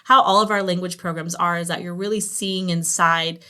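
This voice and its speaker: A woman's voice: on the low side, normal speed, clean tone. A middle-aged woman being interviewed about her family's language learning, talking casually and acting out quoted lines with laughter. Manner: animated storyteller, acts out quotes with laughs. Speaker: guest, founder of a language program.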